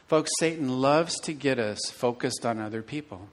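A middle-aged man preaching a sermon to his church, telling stories with animated, acted-out inner dialogue. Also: mid-range voice, moderate pace, few pauses. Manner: animated storytelling, acting out his own inner voice. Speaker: pastor.

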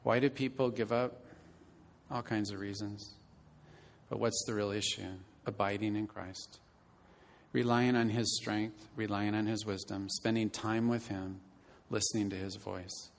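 A man in his fifties preaching a sermon, telling a personal story earnestly and moving between loud emphatic lines and quiet ones. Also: lowish voice, fairly even intonation, unhurried. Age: 50s. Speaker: pastor.

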